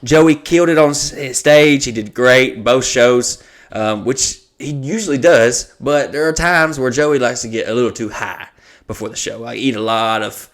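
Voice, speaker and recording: A man, a comedian and podcast host, telling a profane, animated story in casual chat. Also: mid-range voice, moderate pace.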